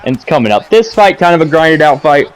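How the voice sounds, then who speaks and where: A gaming commentator sits at his home setup, giving casual commentary over gameplay footage. He's animated and ranting, talking briskly and smoothly, repeating himself and saying "boom" a lot. The recording is rough.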